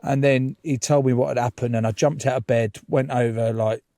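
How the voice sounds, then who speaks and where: A man, chatting as a podcast guest. He tells his stories loosely, swearing often and laughing along the way. His voice sits at a middle pitch and is recorded with a dry, close sound. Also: steady tone, normal speed, dark tone, dry recording. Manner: storytelling, swears freely, laughs through stories. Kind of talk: casual chat.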